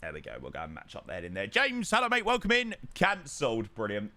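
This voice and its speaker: A man's voice: on the low side, huge pitch swings, a little fast, sharp tone. A young man streaming a flight sim, chatting casually and answering his viewers from a home setup. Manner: chatty, greets viewers, reads and answers chat. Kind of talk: casual live-stream chat.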